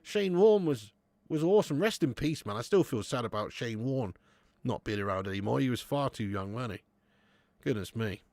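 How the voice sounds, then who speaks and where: A young man hosting a live football watch-along, chatting with viewers, laughing often and swearing freely when excited. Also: medium pitch, moderate pace, dry recording. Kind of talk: live match commentary and chat with viewers.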